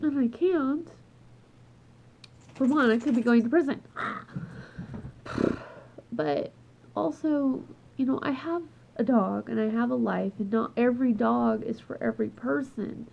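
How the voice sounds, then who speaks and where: A woman's voice: on the high side, a little slow, gravelly, pauses often, a little mellow. A woman speaking in an emotional personal vlog, crying and upset, trailing off and restarting as she talks at home. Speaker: vlogger. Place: at home with her dog. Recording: dull lo-fi home recording.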